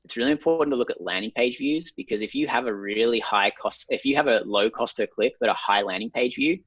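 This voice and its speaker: A man's voice: medium pitch, fast talker, breathy edge, no room sound. A man with an Australian accent, a guest ad consultant, walking step by step through an ad setup on screen with frequent ums. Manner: steady, methodical, frequent ums. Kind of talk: explaining a screen walkthrough. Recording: slightly dull lo-fi sound.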